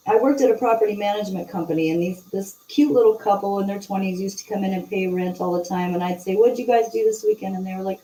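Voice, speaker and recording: A woman hosting a casual chat, telling a story in a lively, chatty way. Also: medium pitch, quick pace, hardly any pauses. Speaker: host. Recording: echoey room, distant from mic.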